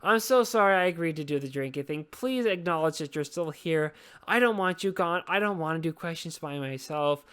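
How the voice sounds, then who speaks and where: A woman's voice: low-pitched, fairly quick, fairly bright tone, smooth. Drunk, rambling woman podcast host. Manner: rambling, repeatedly apologetic, swears a lot. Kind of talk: casual podcast chat.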